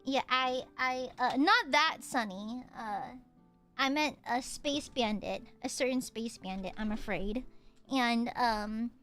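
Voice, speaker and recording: A young woman with a high, bright voice chats playfully on a livestream, tossing out repeated greetings and jokes. Her throat sounds a little hoarse and sore. Faint music plays behind her. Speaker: VTuber streamer. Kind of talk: casual livestream chat.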